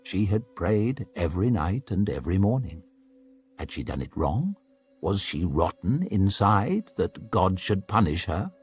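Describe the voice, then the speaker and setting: A man reads a fantasy audiobook in a husky, low voice, taking his time and shaping each line with lively pitch. The sound is close and dry, with faint music underneath. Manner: slow, dramatic storytelling. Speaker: audiobook narrator. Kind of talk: scripted audiobook narration.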